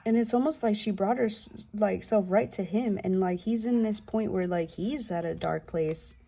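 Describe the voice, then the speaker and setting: A woman's voice: mid-range voice, moderate pace, vocal fry, warm tone. A woman giving a casual tarot reading, loose and profane, with slangy asides and the odd drop into a whisper. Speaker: tarot reader.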